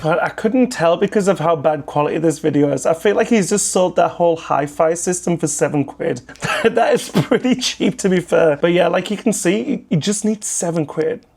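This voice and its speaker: A man's voice: a little high, moderate pace, creaky, hardly any pauses, a little mellow. A young man from England with a British accent, chatting casually and jokingly as he reacts to a documentary and explains slang for viewers abroad. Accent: British English. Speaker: YouTube commentator.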